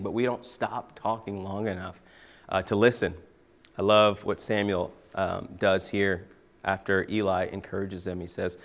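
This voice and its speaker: A young man delivers a sermon built on personal anecdotes. His delivery is animated, jumping up in volume for the exciting beats and sinking to a near whisper for the serious closing lines. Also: deep voice, moderate pace. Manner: animated storytelling, swinging from loud to hushed. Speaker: guest preacher.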